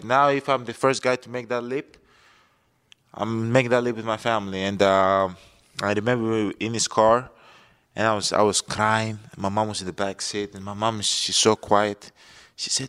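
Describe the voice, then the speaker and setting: A man's voice: lowish voice, fairly bright tone, clean tone. A young man with a Greek accent, earnestly recalling his start in an interview. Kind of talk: interview recollection.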